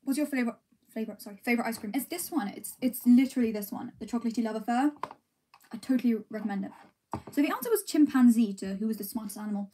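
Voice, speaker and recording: A woman's voice: on the high side, lively intonation, fast talker, dark tone. A young woman chatting casually on a livestream while eating ice cream, reading comments and answering in a rambling, giggly, self-deprecating way. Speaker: streamer.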